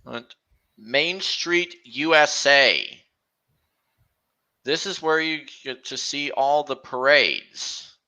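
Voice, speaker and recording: A man chatting casually on a stream, talking slowly and haltingly with frequent restarts. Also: a little high, bright, forceful tone, rough recording. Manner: halting, many restarts, slow and meandering. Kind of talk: casual chat.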